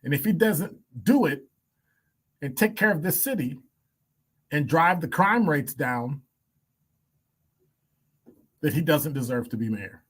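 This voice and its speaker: A man's voice: fairly high pitch, expressive, a little slow, pauses often, fairly bright tone, husky. A male radio host giving blunt opinion commentary, emphatic and wry, stacking up rhetorical questions. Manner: blunt, wry asides and chuckles.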